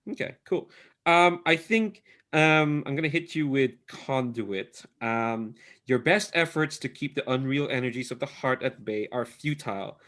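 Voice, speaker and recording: Dude running a tabletop game, lots of ums and likes, laughs a lot. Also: male voice, mid-range voice, a little slow, a bit bright. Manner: rambling, full of ums and likes, laughs often. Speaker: game master. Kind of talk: casual tabletop game narration.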